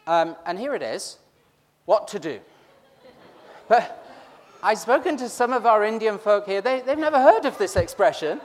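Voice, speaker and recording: A man's voice: sits high, expressive, moderate pace. A man preaching an interactive Easter sermon, chatty and teasing as he pulls the congregation in. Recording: long reverb of a large hall.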